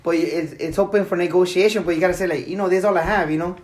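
A man with a high voice for a man talks fast in a laid-back, self-deprecating way. He hands out easygoing advice in casual conversation. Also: fairly even intonation. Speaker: friend in group chat. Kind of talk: casual chat.

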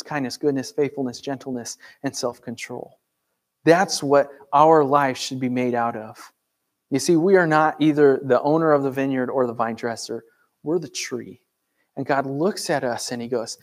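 A man preaching a sermon in a conversational way, asking rhetorical questions and acting out the voices of characters in a parable. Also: mid-range voice. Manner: acts out dialogue of parable characters. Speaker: pastor.

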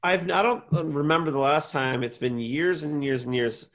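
A man in casual chat, venting in a rambling, self-deprecating way and acting out quotes in loud high voices. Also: normal speed. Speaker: guest.

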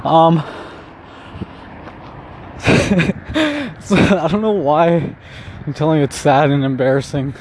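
Walking outdoors on a city street, a young man vlogs in a fairly high, darkish voice with lively intonation, speaking slowly and pausing often. His talk is casual and rambling, full of swearing and self-mockery, and he laughs at himself amid faint street noise.

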